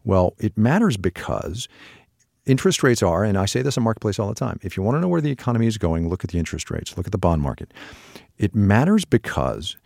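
A middle-aged man walks through an economics topic in casual podcast chat, asking questions and then answering them himself. His voice sits low but moves a lot in pitch. The sound is close and dry. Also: sing-song, fast, creaky, darkish tone, no room sound. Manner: patient, explanatory, asks and answers his own questions. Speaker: podcast co-host explaining economics.

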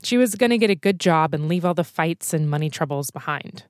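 A woman hosting a podcast, telling a true story in scripted documentary narration with a measured storytelling manner. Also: low-pitched, expressive, dry recording, clean studio sound.

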